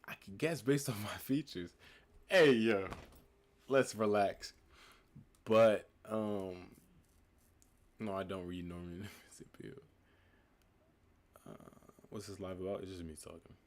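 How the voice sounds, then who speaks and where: A nineteen-year-old American man with a low voice hosts a livestream, chatting casually at normal speed. Relaxed, he reads viewers' chat comments aloud and answers them.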